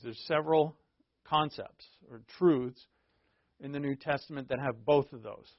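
A man preaching a sermon as a pastor, teaching conversationally with asides and self-corrections, and slowing down to stress key words. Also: medium pitch, dry recording. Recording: dull, lo-fi dry recording.

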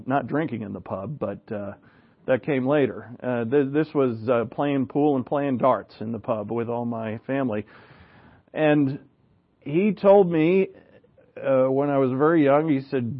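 A man's voice: a little high, dull audio. A man preaching a sermon in an earnest, conversational way, with asides and rhetorical questions. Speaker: pastor.

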